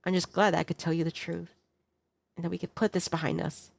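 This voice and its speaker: A woman's voice: on the low side, level tone, quick pace, gravelly, dry recording. A woman voicing a remorseful young lover. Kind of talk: reading a dating game aloud.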